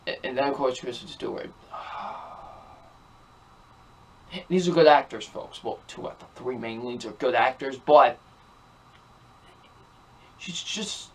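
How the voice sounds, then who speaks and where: A man's voice: mid-range voice, takes it slowly, long pauses. A young man giving a ranting, repetitive movie review, sounding exasperated as he keeps circling back to the same complaints. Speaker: film reviewer.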